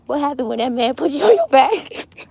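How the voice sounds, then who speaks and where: A woman's voice: sits high, sing-song, a little fast, vocal fry, mellow, no echo, voice pushed up, heavily acted. A woman mimicking a nosy, teasing male radio host.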